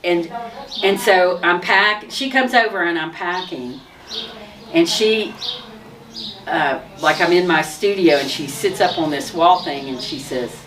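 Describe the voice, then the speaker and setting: A woman telling her personal testimony in a lively way, often laughing and restarting her sentences. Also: on the low side, a little slow. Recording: distant mic with noise.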